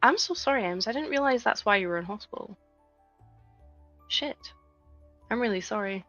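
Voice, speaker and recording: A woman's voice: medium pitch, animated, normal speed, fairly bright tone, dry recording, lo-fi sound, faint music behind. A woman in her thirties chatting casually on a live stream, reading viewers' messages aloud and talking with lots of "like". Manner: chatty, reads chat aloud, frequent "like". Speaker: livestreaming LEGO builder.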